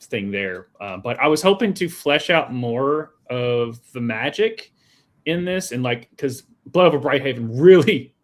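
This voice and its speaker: A man's voice: medium pitch, expressive, a little slow. A man co-hosting a book club podcast, talking casually in a rambling, joking way. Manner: rambling, many restarts and fillers, joking. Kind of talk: casual chat.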